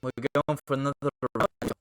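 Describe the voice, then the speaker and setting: A man's voice: medium pitch, level tone, moderate pace, a bit bright, soft background music. A man hosting a gameplay video, chatting loosely between the game's scenes. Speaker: gaming host. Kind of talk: let's play commentary.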